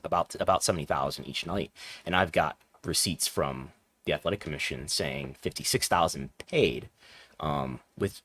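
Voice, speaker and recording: A man co-hosting a podcast, talking through numbers in an analytical, measured way, thinking aloud. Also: extremely low pitch, a bit bright, dry recording. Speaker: podcast co-host. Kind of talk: casual podcast chat.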